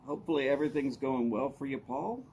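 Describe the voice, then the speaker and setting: A man's voice: mid-range voice, a little mellow, a little hiss or hum. A man, casually chatting with viewers on his live stream, greeting them by name in an easy drawl. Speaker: livestream host. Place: outdoors at his house.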